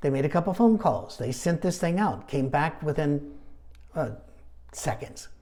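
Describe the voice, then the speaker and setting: A middle-aged man leading a Bible study, talking casually and telling animated stories with asides. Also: fairly high pitch, unhurried. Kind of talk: conversational Bible teaching.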